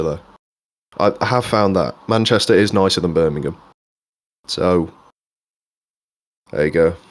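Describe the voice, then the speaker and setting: A young man from England co-hosting a podcast in casual chat, rambling and swearing freely with many restarts. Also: fairly low pitch. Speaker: podcast co-host.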